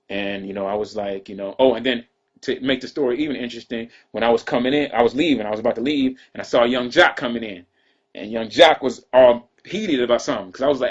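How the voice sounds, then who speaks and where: A man's voice: on the low side, quick pace, slightly rough. A man casually telling a personal story to fans on a livestream, loose and drawling with lots of asides and restarts. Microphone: livestream computer mic. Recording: dull lo-fi livestream audio.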